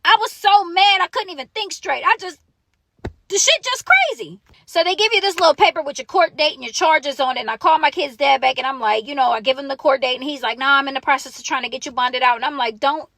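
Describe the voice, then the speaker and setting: A woman's voice: high-pitched, quick pace, few pauses, a bit bright. A young woman animatedly retelling a personal story, profane and dramatic, recorded close on a phone. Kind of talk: casual story time.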